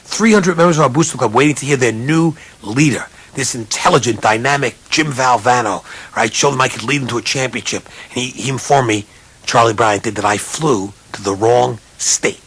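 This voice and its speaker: A male college basketball coach delivers a funny, self-deprecating story with lots of animation, leaping up in pitch to quote others. His voice is husky and his speed is normal.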